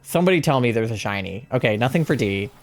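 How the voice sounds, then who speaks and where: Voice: mid-range voice, animated, quick pace. A live game streamer chatting casually with viewers while playing, swearing freely and talking straight to chat.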